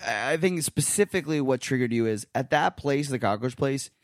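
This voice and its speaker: A man's voice: medium pitch, lively intonation, a little fast, no room sound, clean studio sound. A man co-hosting a podcast in a laid-back, supportive way, swearing when worked up. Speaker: podcast co-host. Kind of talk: casual chat.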